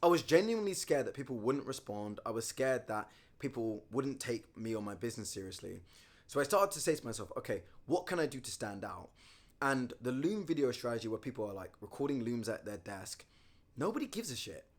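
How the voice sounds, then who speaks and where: A young man vlogging while travelling, excitable and slangy, laughing often and restarting his sentences as he talks to the camera. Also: medium pitch, fairly quick. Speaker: vlogger and outreach business owner. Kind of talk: casual travel vlog with talk to camera. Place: outdoors in streets and mountain roads.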